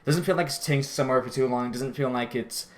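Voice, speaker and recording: A fast-talking man reviews a show episode in a casual, rambling way, frequently correcting himself and apologizing. When he runs out of breath, his voice jumps up high.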